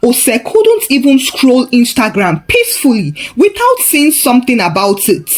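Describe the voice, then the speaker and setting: A woman narrating a story, expressive and chatty with asides. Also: fairly high pitch.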